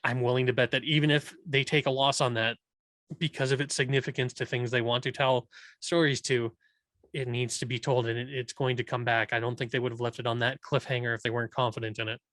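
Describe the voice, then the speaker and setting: A man's voice: medium pitch, flat delivery, fast talker, fairly bright tone, no echo. Talkative man with a dry close voice. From Irish heritage. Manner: opinionated, talks at length, many restarts. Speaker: podcast host. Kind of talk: casual chat.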